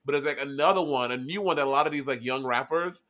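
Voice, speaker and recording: A man with a New York accent, co-hosting a podcast in a casual, excitable chat, cussing freely and speaking in emphatic bursts. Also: medium pitch, fast talker. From New York City. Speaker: podcast co-host.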